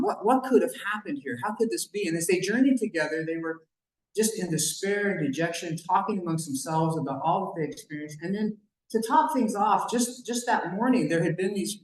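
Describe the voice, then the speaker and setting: Lively man retelling a Bible story. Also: sits high. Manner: conversational, joking asides to the audience. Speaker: banquet speaker. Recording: echoey room.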